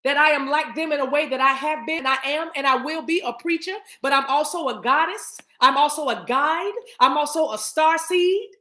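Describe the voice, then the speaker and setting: A woman hosting a livestream, talking to her chat in an animated, emphatic, preachy way and repeating her phrases. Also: high voice, normal speed, hardly any pauses. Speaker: spiritual reader and livestream host. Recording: roomy echo.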